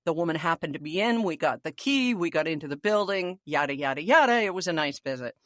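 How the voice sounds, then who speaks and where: A woman's voice: low voice, fast, dry recording. A woman in her sixties, a podcast co-host, telling a story in casual chat and acting out the voices of the people in it. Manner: animated storyteller, acts out voices.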